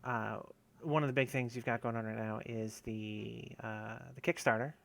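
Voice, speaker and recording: A man hosts a podcast and asks his questions casually, rambling through many fillers before he gets to the point. His voice sits at an everyday middle pitch. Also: steady tone, moderate pace, creaky, fairly bright tone, no room sound. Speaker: podcast host.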